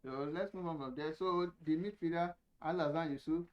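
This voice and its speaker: A man with a Nigerian accent hosting a casual football chat, eagerly agreeing and chiming in. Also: on the high side. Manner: eager, quick to agree and chime in. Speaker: show host. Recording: dull lo-fi sound.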